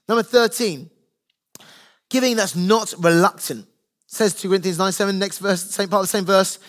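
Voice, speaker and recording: A male pastor with a fairly high voice delivers a sermon in an earnest, conversational way. He talks to his congregation like he's chatting across a kitchen table. His stories come from his home life with his kids. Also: fairly bright tone. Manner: earnest, conversational preaching with family anecdotes.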